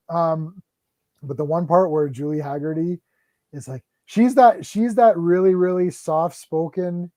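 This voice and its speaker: A man with a fairly high voice hosts a livestream at a measured pace, chatting casually about movies. He rambles with plenty of fillers and gets animated, acting out movie lines in a raised voice. The recording is dry and clean, with studio sound.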